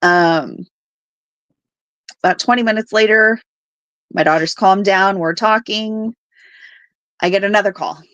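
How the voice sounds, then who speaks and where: A woman in her thirties telling her own family story on a podcast, halting often with fillers and quoting what people said. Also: medium pitch, fairly bright tone, no room sound, muffled recording. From Alaska. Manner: halting, with fillers and quoted dialogue. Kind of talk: personal story told on a podcast.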